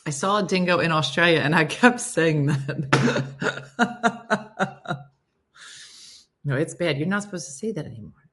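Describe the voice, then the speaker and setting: A woman's voice: low-pitched, unhurried, long pauses, fairly bright tone, slight background noise. A woman hosting a casual livestream chat, reading and reacting to viewer comments with frequent laughter.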